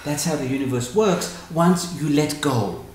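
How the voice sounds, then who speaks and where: A man with a fairly high voice tells stories at an unhurried pace during a talk where he answers questions, animatedly acting out quoted dialogue in other voices. The room is echoey, with slight background noise.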